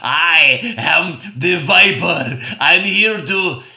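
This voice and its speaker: A man voicing a short, odd man who sounds menacing, speaking in a slow, low drawl. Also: vocal fry, bright, forceful tone, full character voice. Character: creepy-sounding short male window washer.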